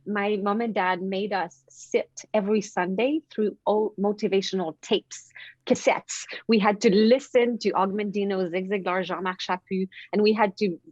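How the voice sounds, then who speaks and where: Canadian woman telling stories on a podcast, bouncy and animated, dry muffled audio. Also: moderate pace, dry recording. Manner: animated, repeats words, swings pitch when telling stories. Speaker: podcast guest, confidence coach. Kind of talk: casual interview storytelling. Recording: dry, dull lo-fi sound.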